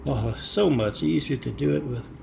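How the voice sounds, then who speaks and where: Gravelly, rambling male storyteller. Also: mid-range voice, moderate pace, a little mellow, a little hiss or hum. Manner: rambling, with many fillers. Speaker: vlogger.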